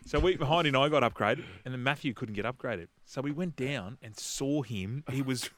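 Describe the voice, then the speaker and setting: A man's voice: mid-range voice, moderate pace, fairly bright tone, a little hiss or hum. A man with an Australian accent, co-hosting sports radio, teasing his mates and laughing easily. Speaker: radio co-host. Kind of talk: casual sports radio banter.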